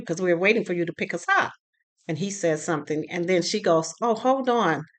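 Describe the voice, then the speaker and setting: A woman's voice: mid-range voice, fairly bright tone. A middle-aged woman telling a personal story in a casual, chatty way, acting out the other people's lines as she goes. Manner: chatty, with frequent fillers and asides. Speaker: storyteller sharing a personal experience.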